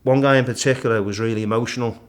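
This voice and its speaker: A middle-aged man, a guest in a casual interview, vividly retelling his climb and acting out the shouts and thoughts along the way. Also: medium pitch, racing. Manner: animated storyteller, acts out his own shouts and thoughts. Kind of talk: storytelling in casual conversation.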